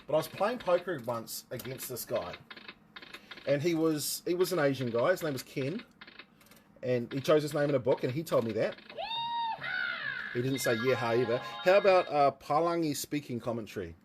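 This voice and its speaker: A man's voice: mid-range voice, expressive, moderate pace, music in the background. A man with a New Zealand accent hosting a casual livestream, rambling and joking with his viewers. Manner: rambling, chatty, jokey asides to viewers. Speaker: livestream host and motorsport commentator.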